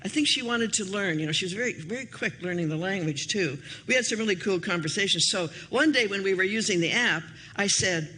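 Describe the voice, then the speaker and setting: Older woman minister, anecdotal sermon, lively swinging pitch, faint hum behind. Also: a little fast, few pauses. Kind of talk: storytelling sermon. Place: church hall.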